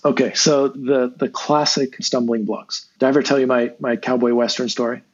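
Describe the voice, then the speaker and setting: A man telling a long parable in a relaxed interview, acting out the people he quotes. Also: mid-range voice, moderate pace, slightly rough. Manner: rambling, animated, acts out quotes. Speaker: guest. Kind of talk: conversational storytelling. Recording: dull lo-fi sound with faint noise.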